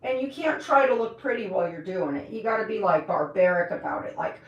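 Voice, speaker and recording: A woman with a mid-range, lively voice hosts a live stream, demonstrating stretches in a loose, joking, slangy way. She's chatty and draws out her words. The recording is echoey, with the highs cut off.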